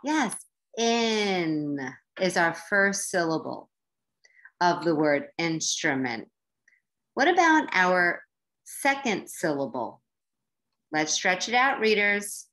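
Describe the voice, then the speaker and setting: A woman teacher giving a slow, clear lesson to young learners, encouraging them and stretching words out syllable by syllable. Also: lowish voice, very animated, fairly bright tone. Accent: American.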